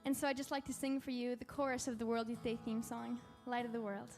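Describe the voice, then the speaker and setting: High-voiced woman telling a faith story. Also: fast, soft background music. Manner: animated storytelling, acting out quotes. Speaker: speaker at a faith convention. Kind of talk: personal testimony talk.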